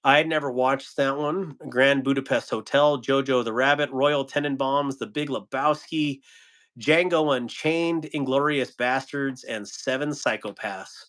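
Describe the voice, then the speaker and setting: A man's voice: mid-range voice, unhurried, fairly bright tone. A man hosting a casual livestream, reading viewer comments aloud with frequent chuckles and trailing ums. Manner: laid-back, chuckles often, trails off with ums. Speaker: livestream host reading chat. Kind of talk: casual live chat.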